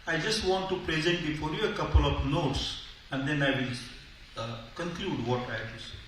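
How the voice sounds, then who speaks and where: High bright-voiced man in echoey hall. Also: moderate pace. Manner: discursive, hesitant fillers, wry humor. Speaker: convention speaker. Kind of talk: public speech. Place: large convention hall. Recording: echoey hall, far from mic, faint noise.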